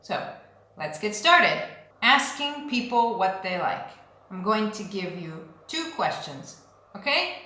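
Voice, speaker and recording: A woman's voice: mid-range voice, sing-song, slow pace, sharp tone. A woman teaching an English lesson, speaking patiently and leading short phrases for learners to repeat. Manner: patient, drills phrases for repetition. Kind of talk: slow, clear language lesson. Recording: very echoey room.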